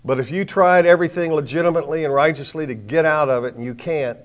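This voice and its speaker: A middle-aged man preaches a sermon to a live audience, telling stories with self-mocking humor and swinging between quiet asides and loud bursts. His voice is on the high side and quick, and the audio sounds dull.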